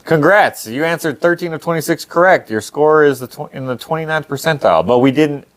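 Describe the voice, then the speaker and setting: A man's voice: fairly high pitch, lively intonation, brisk. Rambling young man co-hosting a chat show. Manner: rambling, laughs often, drops into playful impressions. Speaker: podcast co-host. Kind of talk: casual chat.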